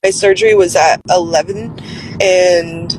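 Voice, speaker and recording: A woman fresh from surgery, drowsy from sedation, telling her story in animated casual chat and swearing freely. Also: on the low side, measured pace, a little hiss or hum, rough recording. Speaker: patient home from surgery. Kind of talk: casual chat on a live call.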